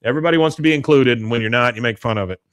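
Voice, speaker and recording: Talking very fast in a medium-pitched, clean voice, a man hosts a podcast recap on a live stream. The close mic picks up no room sound, and his casual chatter is full of laughter and uhs.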